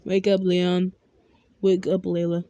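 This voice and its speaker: Woman playing a calm dad. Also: on the low side, takes it slowly, no room sound, highs cut off. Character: calm father. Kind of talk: family role-play.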